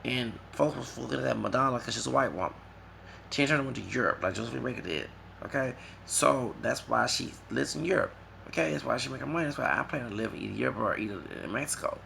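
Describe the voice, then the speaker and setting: A man's voice: mid-range voice, fast, vocal fry, slight background noise. A man from the United States ranting casually on a vlog, rambling and mocking, tagging his points with a questioning "okay?". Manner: rambling, keeps asking "okay?"; mocking, animated. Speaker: vlogger. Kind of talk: casual rant to camera.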